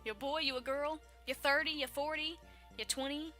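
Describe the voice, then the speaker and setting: This twenty-something Texan woman talks to her viewers in a loose, rambling vlog style, laughing often and running herself down with a Southern accent. Her high voice is bright and pushed, the pace fairly quick. Faint music plays behind her.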